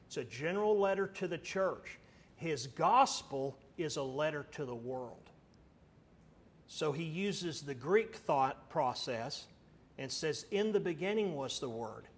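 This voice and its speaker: A middle-aged man, a pastor, teaching a verse-by-verse sermon, asking the congregation questions and moving between quiet asides and emphatic raised lines. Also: on the high side, lively intonation, a little slow, husky.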